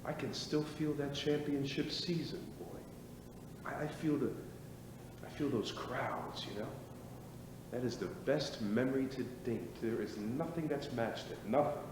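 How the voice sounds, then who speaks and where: Male actor as a reckless middle-aged ex-athlete, mid-pitched, boastful, live stage sound with a long hall echo. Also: a little slow, close to an everyday voice. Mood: wistful. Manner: swaggering, rambling, prods listeners with "right?" and "boy". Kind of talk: live stage play acting. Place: small theater stage. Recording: echoey theater stage, distant mic, noisy.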